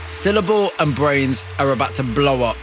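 A man hosting a broadcast interview, narrating a story and asking measured, empathetic questions. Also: medium pitch, expressive, background noise. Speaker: radio host.

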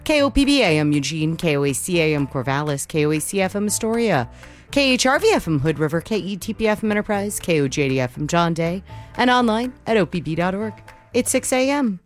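Lively woman radio host with animated pitch. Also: fairly quick. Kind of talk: radio announcing. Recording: faint music bed.

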